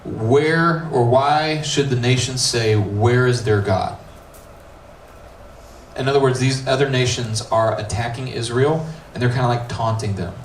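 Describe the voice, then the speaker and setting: A man's voice: medium pitch, unhurried. A man with an American accent, a middle school pastor preaching a casual youth sermon, reading scripture and joking with slangy asides. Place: church youth room. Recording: roomy, distant, faint hiss.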